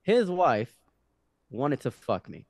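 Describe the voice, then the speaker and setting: A young man in his twenties, a podcast guest telling a story in casual conversation, animated and often restarting his sentences. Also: medium pitch, slow pace, slight background noise. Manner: animated, with frequent restarts and acted-out quotes.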